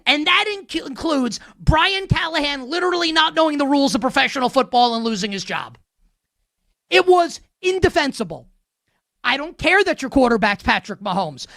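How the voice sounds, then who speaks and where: A woman's voice: sits high, lively intonation, normal speed, a bit bright, no room sound, studio quality. A woman hosting a sports show, ranting with heated sarcasm.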